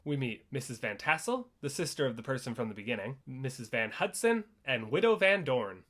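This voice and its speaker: A young man reviews a play in a sarcastic, chatty vlog. His voice is fairly high and very lively, bouncing up and down as he jokes. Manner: sarcastic, animated commentary. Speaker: theater reviewer.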